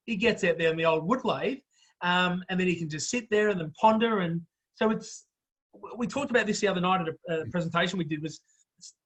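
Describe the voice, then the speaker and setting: A man's voice: sits high, a bit bright. An Australian man hosting a casual podcast chat, blunt and blokey, calling everyone mate. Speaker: host.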